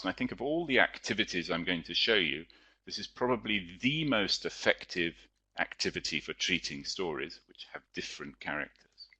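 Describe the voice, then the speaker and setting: Low, bright-voiced male teacher. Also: breathy edge. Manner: chatty, explanatory, with frequent fillers. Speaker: teacher and writer presenting a webinar. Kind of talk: webinar lecture.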